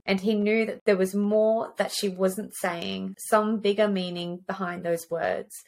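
A woman's voice: mid-range voice, fairly even intonation, a little slow, creaky, few pauses. A woman co-hosting a casual book podcast who reads quotes aloud with feeling and swears freely. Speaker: podcast co-host. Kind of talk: casual book chat with read-aloud passages.

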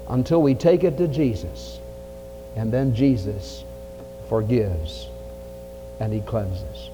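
A man preaching a folksy sermon, his voice swinging from loud to hushed. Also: fairly high pitch. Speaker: pastor. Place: church sanctuary. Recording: lo-fi 1980s church tape with long reverb and faint hiss.

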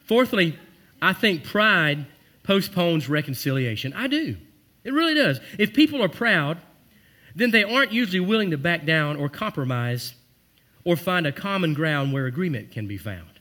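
A man preaching a sermon as pastor, earnest and emphatic, dropping soft and low for heartfelt lines. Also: big pitch swings, moderate pace.

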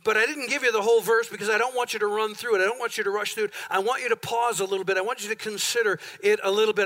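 A man's voice: high voice, fairly quick, hardly any pauses, bright, forceful tone. A man preaching a sermon as pastor in a church, emphatic and building points through repetition. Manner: emphatic, repeats phrases for effect. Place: church sanctuary.

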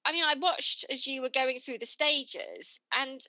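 A woman hosting a casual chat, reflective and quick to laugh along. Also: sits high, sing-song, sharp tone, no room sound, rough recording.

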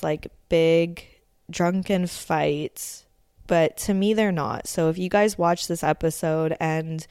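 A woman with a lowish, smooth, resonant voice talks through a TV episode as a podcast host. Her delivery is loose and chatty, packed with fillers and easy swearing. The sound is close and dry. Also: a little mellow, dry recording. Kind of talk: casual episode recap commentary.

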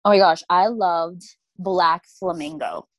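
A young woman co-hosting a casual book chat, animated and quick to act out what people said. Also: fairly low pitch, no room sound. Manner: animated, acts out quoted lines, laughs often. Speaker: podcast co-host. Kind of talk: casual chat about books.

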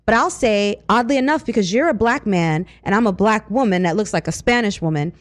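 A woman co-hosting a radio talk show, chatting casually and telling animated stories with frequent laughs. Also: mid-range voice, fairly quick. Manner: animated, storytelling, laughs often. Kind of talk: casual chat.

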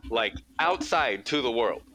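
There's a little hiss or hum behind this young podcast host, whose mid-range, expressive voice has a sharp tone and a slightly slow pace. In a casual storytelling chat he rambles through a childhood tale, cursing and saying "like" constantly.

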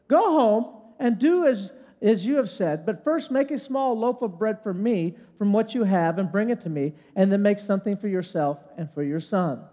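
An older man, a pastor, preaching a lively, conversational sermon and often checking in with "right?". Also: high-pitched, normal speed, hardly any pauses, in a large hall.

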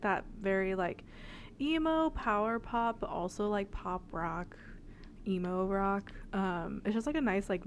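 A young woman with a mid-range voice co-hosts a podcast, chatting casually and rambling, filling her talk with fillers and laughter. There's slight background noise.

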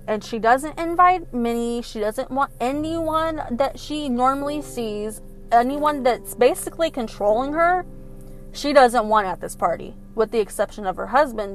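A young woman casually retelling a film plot, animated and profane, with lots of fillers. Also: on the high side. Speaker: film recapper. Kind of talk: casual storytelling recap.

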